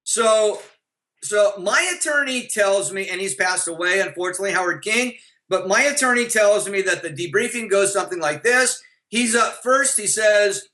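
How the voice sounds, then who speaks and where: A middle-aged man with a bright, high voice tells stories as an interview guest. He talks bluntly and swears freely, acting out what others said, and often starts his sentences over. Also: animated, moderate pace, poor audio. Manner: blunt and profane, with frequent restarts and acted-out dialogue. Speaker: interview guest, former band manager. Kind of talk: anecdotal storytelling in an interview.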